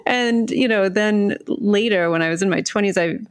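A woman's voice: mid-range voice, normal speed, clean tone, dry recording, studio quality. A woman podcast host from the Boston area with a Boston accent, chatting casually and laughing often. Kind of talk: casual conversational interview.

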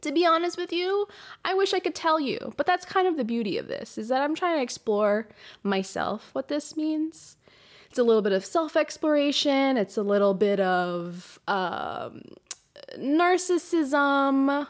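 A woman's voice: high voice, animated, measured pace. A woman hosting a solo podcast, talking frankly and emotionally, swearing freely and getting worked up. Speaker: podcast host. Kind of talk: candid solo podcast monologue. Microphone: podcast microphone.

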